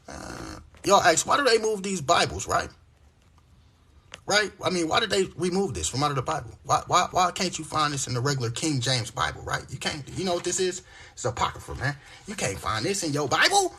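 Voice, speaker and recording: Husky, animated man preaching from scripture. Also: high voice, normal speed. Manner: reads verses aloud with emphatic asides, repeats "right?". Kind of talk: fiery scripture reading and preaching.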